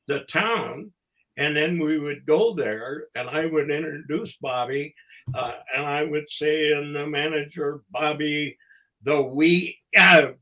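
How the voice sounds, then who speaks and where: An older man, a former wrestling promoter and ring announcer, telling stories casually as a podcast guest, halting and fond, with pauses between phrases. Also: fairly high pitch, a bit bright, rough recording. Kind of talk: casual anecdotal storytelling.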